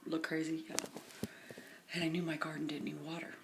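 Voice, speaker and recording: A tired middle-aged woman vlogging from her phone, telling a long, rambling everyday story and often dropping into a hushed half-whisper. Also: low voice, flat delivery, brisk, vocal fry, background noise. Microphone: phone camera.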